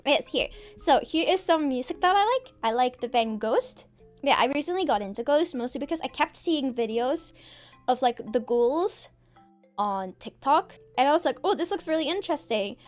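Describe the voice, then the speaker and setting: A woman's voice: high voice, expressive, normal speed, faint music behind. A young woman streaming as a VTuber, showing off her avatar in a bubbly, giggly, exclamatory way with playful chatter. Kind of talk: excitable stream chat showing off a model.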